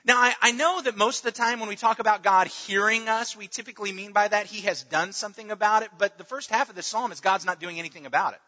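Bright-voiced earnest male preacher. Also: high voice, fast, few pauses. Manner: earnest, restarts words, dips to near-murmur at times. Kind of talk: sermon. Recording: dull lo-fi audio with long reverb.

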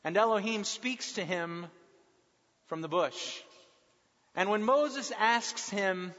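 A man with a high voice preaches an earnest sermon, pausing for emphasis. The sound is dull and lo-fi, and a long reverb trails after his words in the hall. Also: fairly bright tone.

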